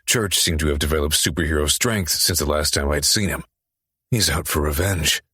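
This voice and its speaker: Male first-person narrator, deep and husky, intense and urgent. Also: moderate pace, bright, forceful tone, no echo, studio quality. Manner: intense, profane, urgent delivery. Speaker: audiobook narrator.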